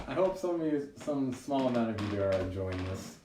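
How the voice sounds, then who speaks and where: A man's voice: medium pitch, sing-song, moderate pace. Rambling self-mocking man in a roomy home stream. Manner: rambling, self-deprecating, laughing often at his own jokes. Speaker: stand-up comedian. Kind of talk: live-streamed stand-up monologue. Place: at home during quarantine. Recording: roomy, distant home recording with faint noise.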